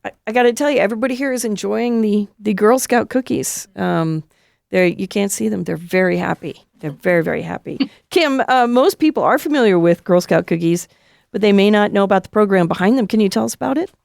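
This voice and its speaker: A woman's voice: medium pitch, a little fast, gravelly, a little mellow, dry recording. A woman hosting a radio show in a studio, talking in a playful, chatty, upbeat way. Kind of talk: casual on-air interview.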